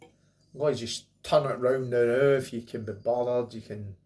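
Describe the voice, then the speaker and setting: A middle-aged man from Scotland, Scottish accent and all, reviews a beer to camera in a casual monologue. His mid-range voice has a darkish tone and fairly even intonation at a moderate pace, and he's chatty and rambling with jokey asides.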